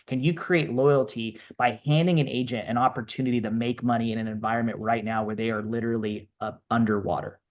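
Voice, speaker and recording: A man on a video call telling a sales story in a casual, animated way and acting out both sides of the conversation. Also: medium pitch. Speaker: software company presenter.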